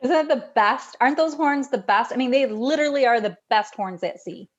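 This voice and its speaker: A woman co-hosts a casual podcast chat, gushing with enthusiasm as she talks. Her voice sits a little high, and the recording is slightly dull and lo-fi. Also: a little fast. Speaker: podcast co-host.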